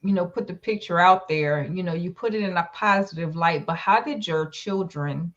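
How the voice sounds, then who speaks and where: Low-voiced woman host on lo-fi call. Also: moderate pace. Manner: warm affirming, rambling with fillers. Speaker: talk show host. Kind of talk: casual interview chat.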